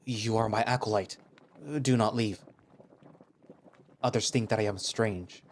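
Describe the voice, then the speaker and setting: A man's voice: on the low side, steady tone, a little fast, slight background noise, close to an everyday voice. A man voicing a stern male beast-man warrior who speaks tersely and formally, without contractions. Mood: blunt.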